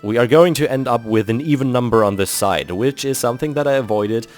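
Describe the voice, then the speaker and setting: Brisk and a little mellow, this mid-range male voice has a German accent; the speaker is from Germany and hosts a game-building video. He reasons out loud and walks through his build step by step over faint background music.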